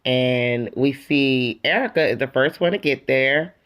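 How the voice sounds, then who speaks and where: A woman's voice: extremely low pitch, a little slow, clean tone. A woman recaps a reality TV episode in a loose, chatty vlog voice. She is sassy and opinionated, and she calls the cast out directly. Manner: sassy, opinionated gossip commentary; animated, calls out people directly. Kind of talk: casual episode review.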